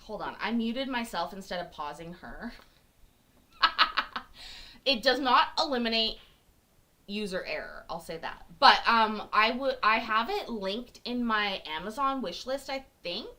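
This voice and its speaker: A higher-pitched woman from Canada chats with her live-stream audience in a bright, forceful voice. Her pitch swings all over as she jokes and rambles, and she laughs often between stories. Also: lively intonation, unhurried. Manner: chatty, joking, laughs often. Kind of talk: casual live-stream chat.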